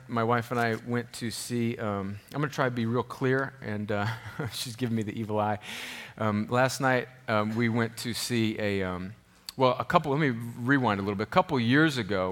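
A man preaching to his church, talking in a loose, self-deprecating way with many fillers and restarts, and turning soft and earnest when he prays. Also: mid-range voice. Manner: turns soft and earnest in prayer. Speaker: pastor. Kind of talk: sermon.

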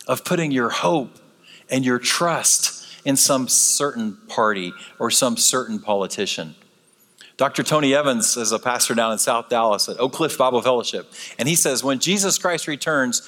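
A man preaching a sermon in a church, animated and acting out the voices he quotes. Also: medium pitch. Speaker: guest preacher. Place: church sanctuary. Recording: long church reverb.

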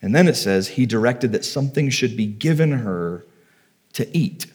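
A man's voice: mid-range voice, animated, moderate pace, a little mellow, husky. A man preaching a sermon, reading scripture aloud and retelling it in a conversational, heartfelt way with personal stories. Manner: conversational, reads scripture then retells it with feeling. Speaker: pastor.

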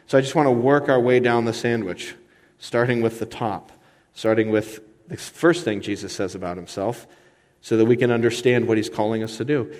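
Man preaching a sermon in a hall. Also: darkish tone. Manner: emphatic preaching, rising sharply in pitch for emphasis, slow deliberate stresses. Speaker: pastor.

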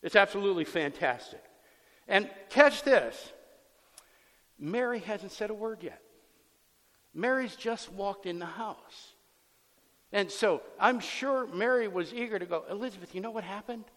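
A man's voice: high-pitched, expressive, a little slow, long pauses, fairly bright tone. A man preaching a sermon as pastor, conversational and emphatic, acting out the scenes he explains, in a long hall reverb.

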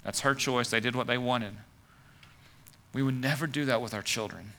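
A man's voice: mid-range voice, moderate pace, bright, forceful tone. A man preaching a conversational sermon as pastor, full of "like" and "right" asides.

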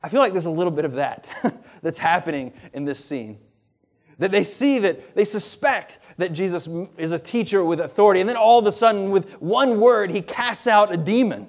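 A man preaching a sermon in a conversational, animated way, with asides and laughs. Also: high voice, normal speed. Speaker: pastor.

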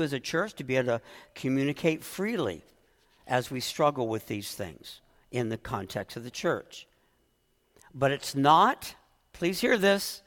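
Earnest pastor, slightly high voice. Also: male voice, a bit bright, big-room sound. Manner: earnest, emotional, stammering restarts. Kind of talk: sermon.

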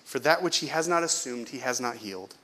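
A middle-aged pastor from California preaches a sermon in a conversational, self-deprecating style, often posing questions to the congregation. His medium-pitched voice is expressive, brisk, and sharp in tone.

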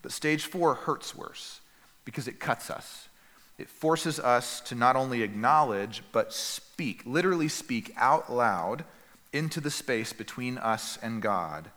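Earnest preacher man in a reverberant hall. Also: medium pitch. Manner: earnest, emphatic preaching with dramatic pauses and quiet drops. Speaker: pastor. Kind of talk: sermon.

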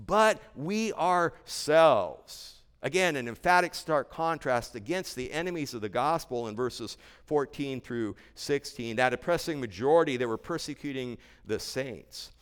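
A man's voice: medium pitch, expressive, moderate pace, hardly any pauses, clear, resonant tone. A male pastor preaching an expository sermon in a church sanctuary, earnest and emphatic, repeating key phrases for weight. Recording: long church-hall reverb.

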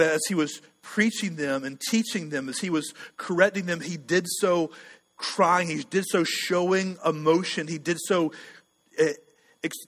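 A man's voice: fairly high pitch, fairly bright tone. A man preaching a sermon as pastor, in a casual, self-deprecating, conversational way with frequent restarts. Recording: long hall reverb.

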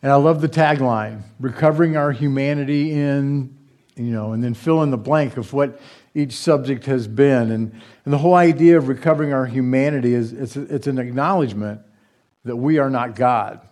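Chatty man preaching, halting and joking. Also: medium pitch, a little mellow. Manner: halting, with fillers and light joking asides. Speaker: pastor. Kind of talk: conversational sermon.

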